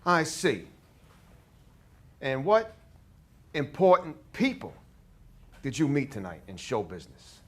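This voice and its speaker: An actor in an acting class playing a skeptical man with a thick, over-the-top New York accent, slow and loud. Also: mid-range voice, wildly swooping pitch, voice pushed up, heavily acted. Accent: New York (put on). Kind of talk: scene study acting.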